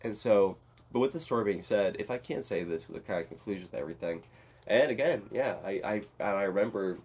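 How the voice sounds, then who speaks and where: A man records a casual vlog monologue, rambling and swearing freely. His voice sits very low and has a husky, raspy grain. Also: quick pace. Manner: animated, profane, rambling. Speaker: vlogger.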